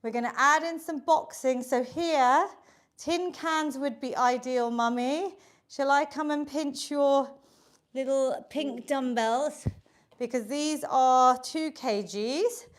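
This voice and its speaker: A woman's voice: sits high, slow. A woman fitness instructor leading a live online workout class, encouraging and counting reps aloud, slightly out of breath.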